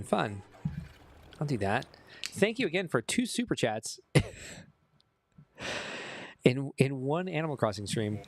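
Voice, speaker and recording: A man with a Chicago accent, a bit tipsy from whiskey, rambling casually and poking fun at himself as he chats with viewers during a livestream. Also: medium pitch. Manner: rambling, self-mocking, talks to chat. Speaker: streamer. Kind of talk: casual game livestream chat.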